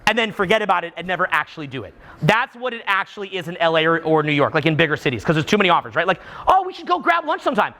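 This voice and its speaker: A man's voice: on the high side, very fast, few pauses. A man from Canada giving a live seminar talk to an audience, acting out what people say and often restarting his sentences. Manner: animated, acts out what people say, frequent restarts. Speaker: seminar speaker.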